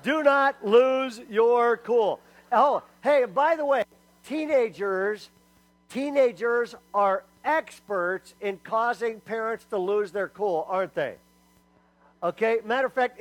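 A middle-aged man giving a lively sermon-style talk to parents. He is emphatic and humorous, and keeps asking the audience "okay?" after each point. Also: extremely high pitch, unhurried, low-quality recording. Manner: humorous storyteller. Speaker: speaker at a church parenting talk.

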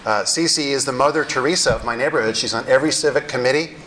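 A middle-aged male pastor telling stories in a sermon, animated and wryly self-deprecating. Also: medium pitch, fast talker, slight background noise, rough recording. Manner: animated storyteller with wry self-deprecating humor. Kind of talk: sermon storytelling.

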